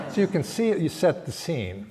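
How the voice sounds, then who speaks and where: Slow, reflective older man giving a sermon. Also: a little high. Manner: slow, reflective, halting phrasing with frequent restarts and soft laughs. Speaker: spiritual teacher giving a Sunday talk. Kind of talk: sermon with personal storytelling.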